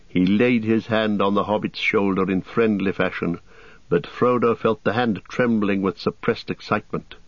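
A man reads the story in a measured, dramatic narration. His voice sits low. The studio recording is dry, with a slightly muffled, dull top end. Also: fairly even intonation, no echo. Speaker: audiobook narrator. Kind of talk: scripted narration.

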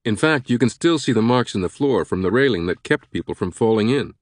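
A man's voice: lowish voice, expressive, a little fast, dry recording, clean studio sound, close to an everyday voice. A man voicing a learned male professor who explains history patiently. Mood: explaining.

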